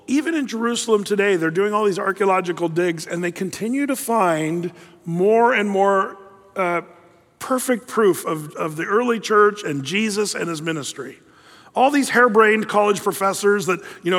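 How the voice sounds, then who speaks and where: A male pastor teaching a Bible passage in a chatty, digressive sermon full of asides and rhetorical questions, clearing his throat often. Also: a little high, fairly bright tone. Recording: long echoey hall reverb.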